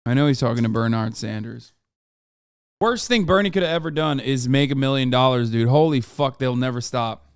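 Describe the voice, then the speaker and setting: A man's voice: mid-range voice, fairly quick, clear, resonant tone, dry recording, studio quality. A man hosting a live stream, giving political commentary in a profane, sarcastic rant. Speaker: streamer host.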